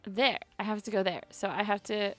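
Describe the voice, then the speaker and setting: A woman chatting to herself while she plays a video game, rambling and giggly, her voice climbing high when she gets nervous. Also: fairly even intonation, fairly quick, fairly bright tone, faint music behind. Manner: rambling self-talk, giggly. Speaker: streamer. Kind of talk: casual gameplay commentary.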